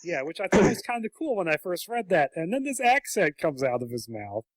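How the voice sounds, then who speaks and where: Animated higher-voiced man chatting casually. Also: fairly quick, no room sound. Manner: animated, acts out quotes in comic voices. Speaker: podcast co-host. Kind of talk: casual podcast chat.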